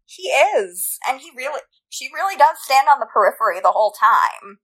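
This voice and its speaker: A woman co-hosting a book podcast, measured and thoughtful in her points. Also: high-pitched, sing-song, a bit bright, husky, rough recording. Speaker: podcast co-host. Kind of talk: casual book discussion.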